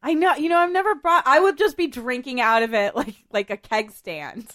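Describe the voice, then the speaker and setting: A chatty woman with a high voice hosts a podcast and walks through cleaning steps. She drops in fillers and laughs along the way. The recording is dry and close, with no room sound. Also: normal speed, fairly bright tone, no room sound. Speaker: podcast host giving cleaning advice. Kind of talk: casual chat mixed with how-to instructions.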